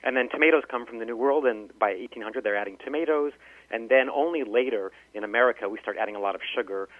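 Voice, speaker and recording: A man's voice: medium pitch, fast talker, dry recording. Man explaining over a tinny phone line. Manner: storytelling, many restarts. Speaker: author and linguist guest. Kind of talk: phone-in interview. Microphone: telephone.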